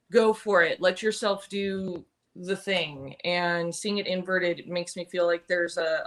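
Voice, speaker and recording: A woman giving a live-stream tarot reading, thoughtful and halting, with many pauses and restarts. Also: mid-range voice, fairly bright tone. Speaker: tarot reader.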